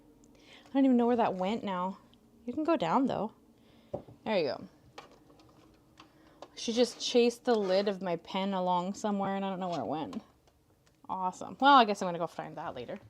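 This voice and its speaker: Chatty woman with a lively voice. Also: mid-range voice, moderate pace, pauses often. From Canada. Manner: chatty, talks to her cats in a soft coaxing voice. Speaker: crafting livestream host. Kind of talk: casual livestream chat.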